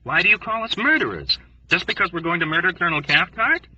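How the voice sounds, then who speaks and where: Man voicing Dobbs, a rough quavering airman. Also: high voice, sing-song, fast talker, pushed and bright, dry recording, far from the mic, highs cut off, pitched above the performer's own voice, exaggerated voice. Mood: agitated. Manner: rough, quavering, overwrought, pugnacious. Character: frantic sneezing young male airman, hotheaded. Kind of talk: audiobook character voice.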